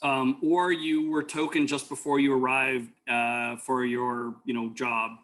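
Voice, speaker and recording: A man's voice: mid-range voice, flat delivery, measured pace, fairly bright tone. A man teaching an EMT class, telling rambling stories full of fillers and restarts. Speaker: EMT instructor. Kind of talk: lecture with personal stories.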